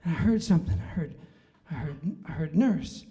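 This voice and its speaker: A man's voice: a little high, lively intonation, fairly quick, dark tone. A man telling playful, self-mocking stories between songs on a live concert stage. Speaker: performing musician. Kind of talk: joking stage banter and storytelling. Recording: live music behind the voice. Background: piano music.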